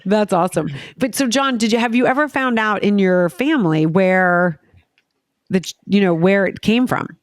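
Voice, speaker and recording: A woman hosts a casual podcast, talking fast and laughing often as she tells her own stories. Her voice is close and dry with no room sound. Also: mid-range voice, no room sound. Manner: chatty, laughs often, animated storytelling. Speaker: podcast host.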